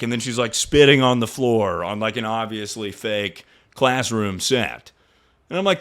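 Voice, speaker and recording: A young male streamer telling a story to his chat in casual talk, swearing freely and sounding incredulous. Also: moderate pace. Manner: animated, incredulous, swears freely, jumps to high pitch when mocking.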